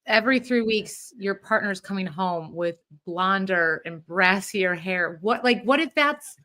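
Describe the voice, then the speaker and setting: A woman co-hosting a sports podcast, chatting casually with quick, animated asides. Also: mid-range voice. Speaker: podcast co-host. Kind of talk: casual chat.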